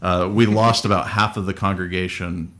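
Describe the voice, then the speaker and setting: A male pastor speaking thoughtfully in a casual podcast conversation, often pausing to find his words. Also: deep voice, fairly even intonation, fairly bright tone.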